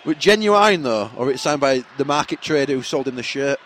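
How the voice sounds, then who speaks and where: Lively, animated football podcaster. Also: male voice, medium pitch, a little fast, a little hiss or hum. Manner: lively, laughs a lot, excitable. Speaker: podcast co-host. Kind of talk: casual football banter.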